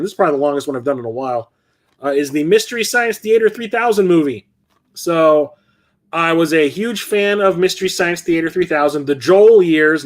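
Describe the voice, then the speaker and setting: A middle-aged man talks through his movie collection in a loose, rambling way, full of fillers and the occasional curse. His voice sits a little high for a man. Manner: rambling, chatty, with frequent fillers and profanity. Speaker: host of a film collection stream. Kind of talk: casual film chat.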